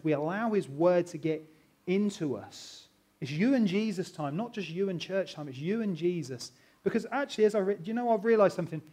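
A middle-aged man preaching a sermon as pastor, earnest and animated, swinging between loud and soft. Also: on the high side.

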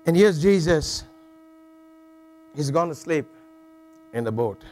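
Male preacher, sermon, middle-aged, fairly high voice, chatty and joking, steady mains hum behind. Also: slow. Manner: jokey, conversational, with frequent "all right" asides and restarts.

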